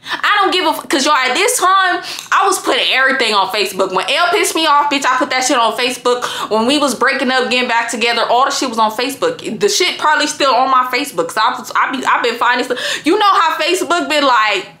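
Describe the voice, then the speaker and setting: A woman telling a personal story to viewers in a casual, profane and animated way. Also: sits high, quick pace. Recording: roomy echo.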